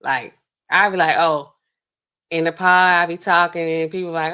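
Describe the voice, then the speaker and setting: A woman's voice: low-pitched, brisk, clear, resonant tone. A woman hosting a livestream, casually retelling a dating show with AAVE speech and acting out the people in it. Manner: animated, acts out dialogue with voices. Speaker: livestream host. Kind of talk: casual storytelling chat.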